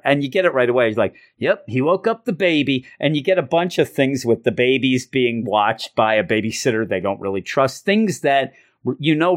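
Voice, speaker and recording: Guy recapping a comic, chatty and rambly, middle pitch, kinda amused. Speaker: comic book reviewer. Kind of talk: casual plot recap.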